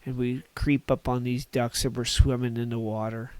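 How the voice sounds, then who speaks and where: A man's voice: medium pitch, little pitch movement, moderate pace, a little mellow, smooth, no echo. A man in his sixties from Northern California, a podcast guest telling old stories in a rambling, folksy way and chuckling at his own tales. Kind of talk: casual reminiscing storytelling.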